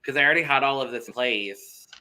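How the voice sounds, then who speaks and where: A man's voice: medium pitch, fast, pushed and bright. A young man co-hosting a podcast in casual chat, talking loosely, with some swearing and repeated words. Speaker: podcast co-host.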